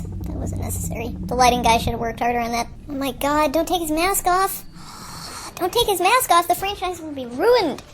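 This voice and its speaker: Host, female, high voice; loose, jokey running commentary on a film, all tangents. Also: a little mellow. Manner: chatty, joking, rambling asides. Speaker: show host. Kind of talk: improvised movie commentary. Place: at home watching TV.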